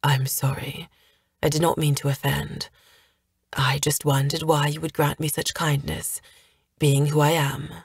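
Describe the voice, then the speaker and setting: A woman voicing an earnest, self-doubting young man who speaks haltingly, in a storybook reading. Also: low voice, flat delivery, vocal fry, breathy edge, heavily acted. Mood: soft whisper. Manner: hesitant, halting.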